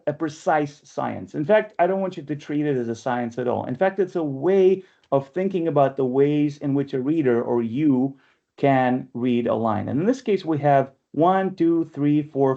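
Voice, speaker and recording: A man's voice: mid-range voice, gravelly, dark tone, lo-fi sound. A man leading an online poetry workshop, talking in a chatty way and often checking in with "right?", heard over a video call. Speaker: workshop leader and press editor.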